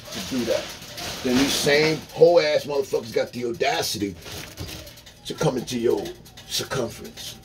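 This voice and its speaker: Man with a mid-pitched voice, ranting monologue, heavy swearing, blunt, preachy delivery, faint music bed. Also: rough recording. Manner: blunt, preachy, swearing, repeating words for emphasis.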